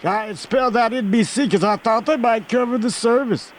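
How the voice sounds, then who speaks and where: A man's voice: extremely high pitch, fairly quick, slight background noise, pitched above the performer's own voice. A man playing a nervous, rambling caller who keeps apologizing. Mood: fretful. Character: nervous rambling caller, sports-mad churchgoer.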